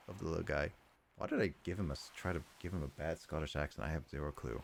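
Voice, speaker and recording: A man's voice: rumbling low, fast, gravelly. A man livestreaming a game from home, chatting casually in a rambling, stop-start way with his viewers. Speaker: livestreaming gamer. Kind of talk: casual chat while playing. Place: home room, fan running.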